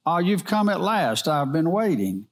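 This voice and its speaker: A man's voice: fairly high pitch, very animated, unhurried, voice pushed up. A man voicing a loving, patient father who speaks tenderly to his daughter in a read-aloud story. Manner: warm, reassuring and tender.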